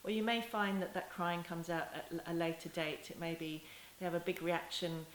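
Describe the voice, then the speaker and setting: A woman with a lowish voice explains parenting in a gentle, unhurried way, often breaking off and restarting her sentences. She slips into soft, tender lines as if speaking to a child. The room is echoey, with a faint hiss under her voice. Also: steady tone. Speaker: parenting educator. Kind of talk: talking-head teaching video.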